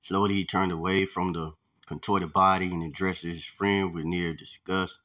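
A man's voice: low-pitched, level tone, moderate pace, a bit bright. A man reading a thriller novel aloud, with plain delivery and occasional slips. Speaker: reader.

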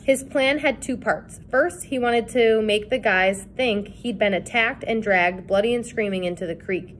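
Woman narrator, read-aloud kids' book, expressive. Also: a little high, measured pace, a little hiss or hum. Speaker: reader.

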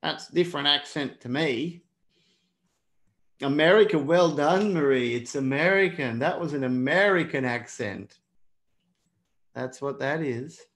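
A man's voice: on the high side, measured pace, long pauses, a bit bright. An Australian man teaching a live online exam prep lesson, encouraging and speaking to viewers in the chat by name.

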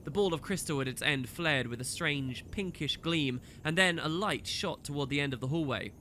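A man's voice: on the high side, moderate pace, slight background noise. A man hosting a let's play, chatting upbeat with many fillers and reading a story aloud. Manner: upbeat, loud, filler-heavy. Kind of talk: gameplay commentary and story reading.

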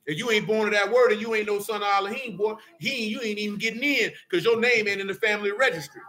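Fast and high in pitch, a man runs a Bible study with folksy, lively preaching. He quizzes the people listening and addresses them as "boy" and "man."

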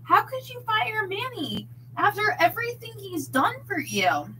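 Indignant young woman, read by a woman, bright and animated. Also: very high-pitched, measured pace, a little hiss or hum, voice pushed up, full character voice, low-quality recording.

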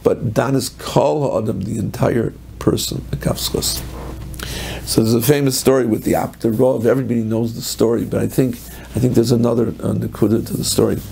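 A middle-aged man, a rabbi, giving a Torah lecture and telling a story in a lively way, mixing in Hebrew and Yiddish terms. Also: mid-range voice, a little fast, vocal fry, slight background noise.

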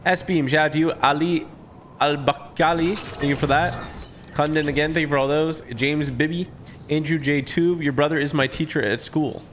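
A man live-streaming a game, chatting casually and reading out viewer shout-outs in quick upbeat bursts, with a sore throat. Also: a little high, steady tone, a little hiss or hum.

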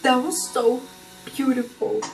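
A young woman casually reacting to a TV episode, excitable, laughing and swearing often. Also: high voice, measured pace, vocal fry, recorded from a distance. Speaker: TV show reactor.

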